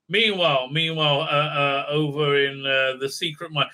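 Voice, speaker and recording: A man hosting a scathing review of a TV episode, talking in a bright, sharp voice pitched a little high. His delivery is sarcastic and profane, peppered with "uh, uh" fillers, and his pitch swings up for mocking asides. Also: moderate pace, few pauses. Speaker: show host reviewing a TV episode. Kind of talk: ranting recap and review.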